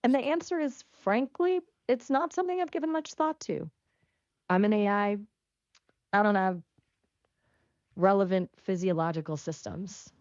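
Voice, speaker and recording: A synthetic woman's voice of an AI chat companion, replying in a polite, measured, slightly formal way. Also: medium pitch, expressive, a little mellow, no room sound. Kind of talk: conversational AI reply. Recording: dull, lo-fi sound.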